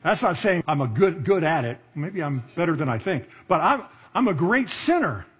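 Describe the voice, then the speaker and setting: A man preaching a sermon as a pastor, talking in a conversational way, asking rhetorical questions and slowing down to stress key words. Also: on the high side, very animated, a bit bright, breathy edge.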